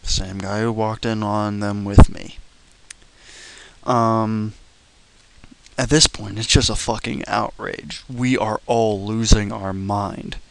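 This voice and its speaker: A man's voice: on the low side, slow, vocal fry, slight background noise, poor audio. A young man casually telling a personal story to the camera, blunt and profane. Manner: blunt, profane, lively retelling. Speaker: vlogger.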